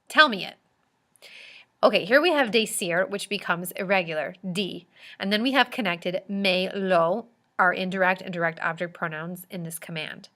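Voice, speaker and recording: Bright-voiced woman teaching Spanish grammar. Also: fairly low pitch. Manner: explains slowly, switching between Spanish examples and English explanations. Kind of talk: recorded grammar lesson narration.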